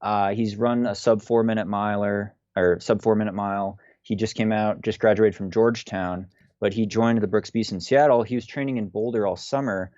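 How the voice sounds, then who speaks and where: Thirties male guest, low and easygoing, rambling with fillers, dull lo-fi call sound. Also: normal speed, no room sound. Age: 30s. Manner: relaxed, rambling, frequent fillers. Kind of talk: casual chat on a video call.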